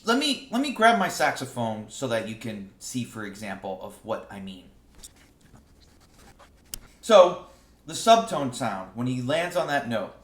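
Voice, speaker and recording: A man's voice: medium pitch, moderate pace, hardly any pauses. Easygoing man teaching sax in echoey room. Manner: relaxed, explains with sung examples, repeats words. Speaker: saxophone teacher. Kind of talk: casual music lesson. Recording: roomy echo.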